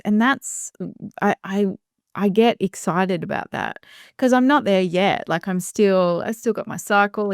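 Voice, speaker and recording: A woman's voice: mid-range voice, creaky, no room sound, studio quality. A woman in her fifties hosting a podcast, talking in an earnest, reflective way and often laughing. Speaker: podcast host. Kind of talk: reflective conversation.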